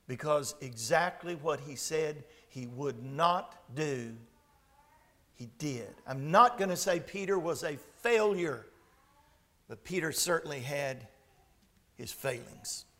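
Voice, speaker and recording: A man preaching a sermon, retelling a Bible story with dramatic shifts between loud and hushed delivery. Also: a little high.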